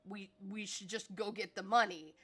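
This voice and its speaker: A woman voicing a money-hungry male lizard barbarian from a tabletop game, talking in a flat, simple, blunt way. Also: medium pitch, moderate pace, husky.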